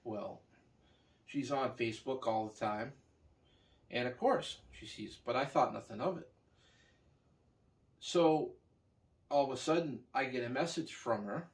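A man's voice: medium pitch, unhurried, long pauses, far from the mic. A man from Canada who sells junk vehicles and scrap, telling a long story in a meandering, casual way full of "you know" and restarts. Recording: voice a bit off-mic.

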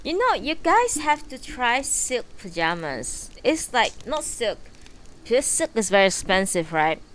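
A woman's voice: a little high, very animated, unhurried, fairly bright tone, slight background noise. A woman live streamer chatting casually from her bedroom before a book reading, rambling and swearing freely with lots of fillers. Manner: rambling and profane, with many fillers.

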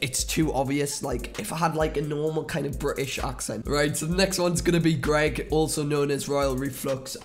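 A young man with a Geordie accent, hosting a rambling, excitable prank-call vlog. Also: fairly high pitch. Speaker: YouTuber host. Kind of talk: casual vlog chat.

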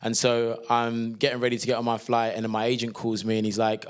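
A young man with a London accent talks casually as an interview guest. His voice sits in an ordinary middle pitch, and he tells his stories loosely, with slang and plenty of fillers. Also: quick pace, hardly any pauses. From England. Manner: relaxed storytelling, lots of slang and fillers. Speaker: actor guest.

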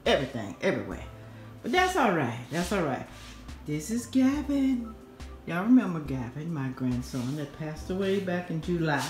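A woman's voice: low-pitched, sing-song, moderate pace. An older woman who hosts a cooking channel, chatting casually with viewers while she walks through the craft room in her home. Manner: chatty, talks to viewers as "y'all". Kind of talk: casual home-tour vlog chat. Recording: echoey room with faint music.

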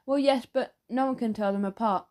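A woman voicing a wary, bullied schoolboy in a storybook, speaking in an urgent, hushed way. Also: fairly high pitch, a little fast, natural voice.

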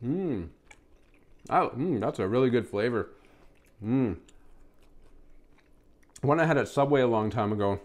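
Man, food review vlog, animated pitch, enthusiastic, lots of mmm while eating. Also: unhurried, pauses often. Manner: chatty with his pet in a high, excited voice.

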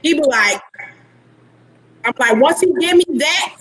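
A middle-aged woman co-hosting a casual talk show, telling stories in an animated, emphatic and plain-spoken way. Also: high-pitched, unhurried, poor audio. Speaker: podcast co-host. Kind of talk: casual chat.

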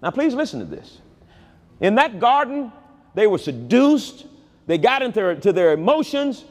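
A man preaching a sermon at a large convention, with an animated delivery that swings between loud high calls and low quiet asides. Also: normal speed. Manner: animated preaching with wide swings in pitch and loudness. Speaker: pastor.

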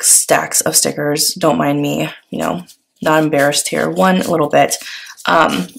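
A woman vlogger chatting casually while showing stickers, gushing and enthusiastic, with frequent fillers and soft laughs. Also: low voice, creaky. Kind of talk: casual chatty show-and-tell.

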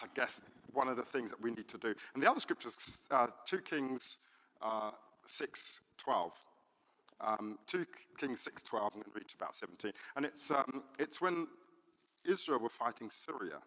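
A man, a pastor preaching a sermon in a church and telling the story in an animated way, with many fillers. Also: medium pitch. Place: church hall. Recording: reverberant church hall.

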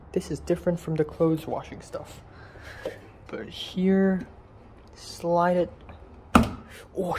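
A man's voice: on the high side, background noise. Rambling young man vlogging at home. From Hong Kong. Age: young adult. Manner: rambling and self-deprecating, many fillers. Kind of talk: casual vlog talk.

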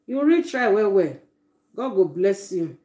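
A woman's voice: medium pitch, sing-song, normal speed, mellow. A Nigerian woman chatting casually on a live stream, greeting her viewers one by one with effusive exclamations. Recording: roomy echo.

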